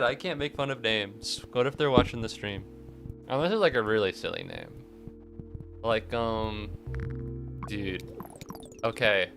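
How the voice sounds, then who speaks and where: A man's voice: lowish voice, fairly bright tone. Rambling, joking young streamer guy. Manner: rambling, jokey, profane, self-deprecating. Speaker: live streamer. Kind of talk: casual live-stream chat while gaming.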